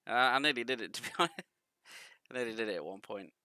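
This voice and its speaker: A man's voice: mid-range voice, expressive, quick pace, bright, forceful tone, smooth, no echo. A man bantering casually and chuckling while co-streaming a video game. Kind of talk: casual chat over gameplay.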